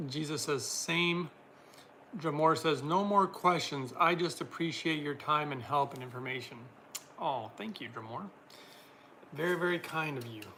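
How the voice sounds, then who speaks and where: A friendly man runs an easygoing livestream, reading audience comments aloud, responding to every one, and laughing frequently. His voice is a touch high, ringing bright and forward over a faint hiss of room noise.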